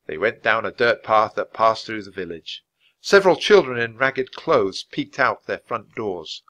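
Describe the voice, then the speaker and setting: Guy reading a kids book out loud, bright voice, bouncy pitch, steady easy pace. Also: measured pace. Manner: reads at a natural, even speed for language learners; jumps higher and louder for the characters' lines. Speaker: storybook reader. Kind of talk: read-aloud children's book narration.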